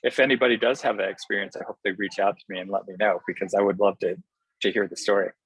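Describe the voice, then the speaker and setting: A man's voice: on the low side, steady tone, fast talker, slightly rough, dry recording, poor audio. A man being interviewed as a film director, talking in an earnest, enthusiastic way that often halts on fillers. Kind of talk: casual interview answers.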